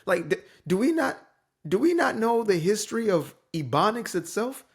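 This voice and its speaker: Young man commentator, higher-pitched, emphatic and conversational, from the Bay Area. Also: very animated, moderate pace, slightly rough. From San Francisco Bay Area. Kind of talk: casual opinion monologue.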